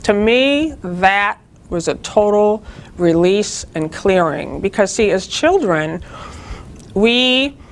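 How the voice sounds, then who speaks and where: A woman's voice: mid-range voice, expressive, slow. A woman leading a spiritual group, giving an earnest, informal talk that teaches through personal stories.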